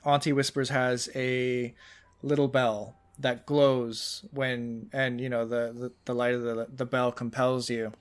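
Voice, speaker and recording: A man's voice: medium pitch, little pitch movement, a little slow, clear, resonant tone. A man co-hosting a casual podcast chat who rambles enthusiastically and fills his talk with "like" and "you know". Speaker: podcast co-host.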